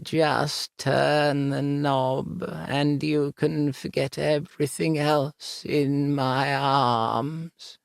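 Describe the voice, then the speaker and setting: Cold, croaking ghost of a dead woman, read by a man, high and pleading, drawn out slow. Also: flat delivery, no echo, studio quality, full character voice. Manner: slow, hushed, beseeching.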